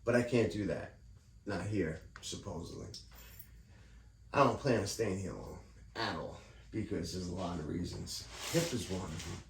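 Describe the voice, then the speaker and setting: A man's voice: sits low, normal speed, vocal fry, a little hiss or hum. A man vlogging a rambling, profane rant about his neighbor and his housing program. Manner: profane, heated, digressive. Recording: echoey room, distant mic, faint ambience.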